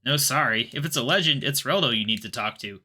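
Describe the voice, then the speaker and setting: A man's voice: medium pitch, expressive, fast talker, sharp tone, pitched above the performer's own voice. A man reading aloud as a chatty, fussy older woman who looks after stray cats. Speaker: game character voiced while reading.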